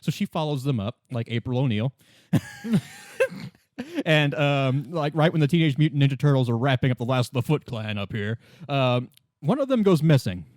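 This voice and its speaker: Male podcast host, casual and rambling, laughs a lot, mid-pitched, dry sound. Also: expressive, darkish tone, no room sound. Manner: rambling, laughing, acts out characters in quick voices. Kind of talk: casual retelling of a novel.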